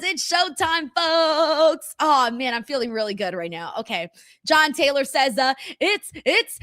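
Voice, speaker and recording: A woman in her thirties chatting casually on a live stream, excitably reading viewer comments aloud and swearing freely. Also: on the high side, no echo, clean studio sound. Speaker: streamer hosting a watch-along.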